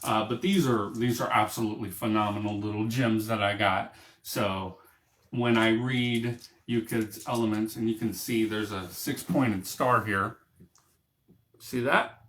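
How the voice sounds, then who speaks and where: A man's voice: fairly low pitch, fairly even intonation, a little slow, a bit bright, roomy sound, slight background noise. A man hosting his own small broadcast, rambling casually with many fillers and restarts, in a room lined with books. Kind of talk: casual rambling talk to camera.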